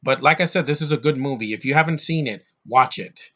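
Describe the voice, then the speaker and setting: A man rants through a casual movie review, rambling and profane, in a voice of middling pitch. He swings between heated outbursts and muttered asides. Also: brisk, sharp tone.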